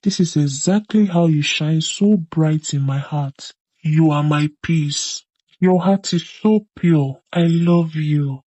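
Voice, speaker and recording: A man's voice: fairly high pitch, takes it slowly, a little mellow, no room sound, poor audio. A man playing a sweet-talking young con man who pleads and whines for money in a comedy skit. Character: smooth-talking young male con man and serial fiancé.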